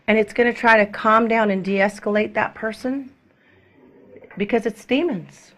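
A middle-aged woman minister preaching to a congregation in an animated way, acting out quoted people and sometimes dropping to a soft whisper. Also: fairly high pitch, measured pace.

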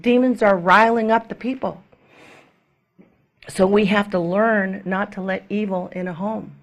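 Speaking in a mid-range voice at a measured pace, a middle-aged woman minister preaches animatedly to her flock. She performs the voices of those she quotes and now and then lowers to a gentle whisper.

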